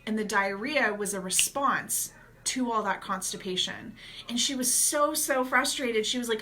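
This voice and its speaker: Bright, energetic woman gut coach. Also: fairly high pitch, moderate pace. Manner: energetic, casual and chatty, talks straight to viewers as "guys". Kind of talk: direct-to-camera health advice vlog.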